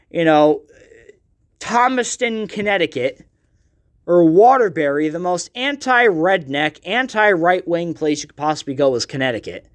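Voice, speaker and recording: Podcast host, young man, high-pitched, blunt and sweary, casual rant. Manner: ranting and profane, with frequent fillers.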